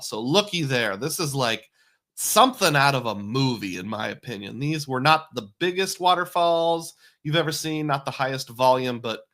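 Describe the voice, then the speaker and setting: A man's voice: medium pitch, fairly bright tone. A middle-aged man narrating his family's travel photos in a chatty, folksy voice-over, often correcting himself with little asides. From United States.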